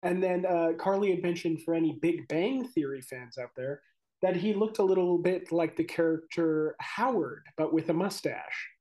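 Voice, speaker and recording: Easygoing man, podcast co-host, joking tone, voice sits a bit high. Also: moderate pace, warm tone. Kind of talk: casual chat.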